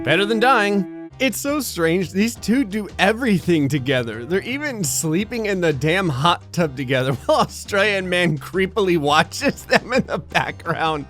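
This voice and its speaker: A man's voice: a little high, fairly bright tone. Sarcastic man narrating a life-sim game. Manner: sarcastic, mocking, puts on voices for the game characters. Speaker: gaming YouTuber. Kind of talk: comedic gameplay commentary.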